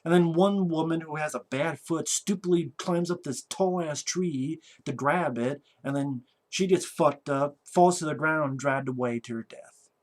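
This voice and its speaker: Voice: mid-range voice, a little slow. A film reviewer giving a casual movie review rant, talking in a blunt, sarcastic way with a lot of swearing.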